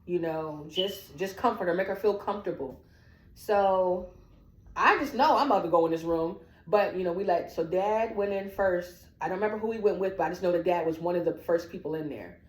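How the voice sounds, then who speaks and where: A young woman casually telling a family story in a lively way, acting out the people she quotes and laughing often. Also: lowish voice, fairly quick. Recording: echoey room.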